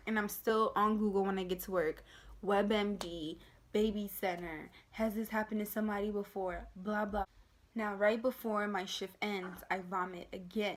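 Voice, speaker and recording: Young woman retelling her story animatedly. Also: mid-range voice. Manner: animated retelling, acting out quoted voices. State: pregnant. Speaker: vlogger. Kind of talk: casual storytelling vlog.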